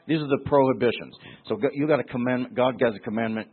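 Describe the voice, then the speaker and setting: A man's voice: mid-range voice, quick pace, slightly rough. Emphatic male Bible teacher, tinny sound. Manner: emphatic, repeats words, acts out quoted voices. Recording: tinny phone-like recording.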